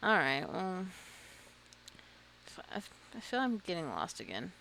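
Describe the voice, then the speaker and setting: A woman's voice: fairly low pitch, huge pitch swings, unhurried, vocal fry, bright, forceful tone, a little hiss or hum. A woman giving casual commentary while playing a video game, muttering to herself and poking fun at herself for getting lost. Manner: self-deprecating, muttering to herself, nervous laughter. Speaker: gaming streamer.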